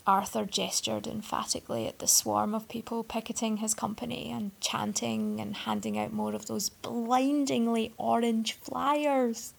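A woman's voice: a little high, little pitch movement, a little slow, creaky, hardly any pauses. A woman narrating a story aloud with a wry, sardonic delivery. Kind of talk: storybook reading.

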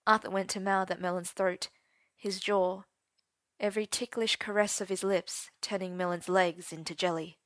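Woman reading a story out loud, dramatic and soft, dry close sound. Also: medium pitch, steady tone, moderate pace, no echo. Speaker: story reader. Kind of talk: expressive story narration.

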